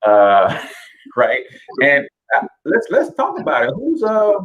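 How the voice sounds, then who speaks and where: A man's voice: a little high, huge pitch swings, slow pace, lo-fi sound. A man with a St. Louis accent hosting a casual chat, teasing and joking with lots of fillers. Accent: St. Louis, Midwestern US. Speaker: host.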